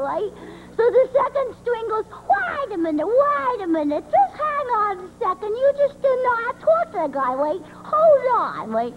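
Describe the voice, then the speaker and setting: A man voicing a chatty male Muppet character who tells rambling jokes live at a party, tacking "right?" onto nearly every line, heard on dull, lo-fi old camcorder audio. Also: very high-pitched. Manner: rambling joke-telling, ends lines with "right?". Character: high-voiced male Muppet monster, a chatty joke-teller. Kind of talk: live puppet stand-up at a party. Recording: dull lo-fi 1980s camcorder audio with faint noise.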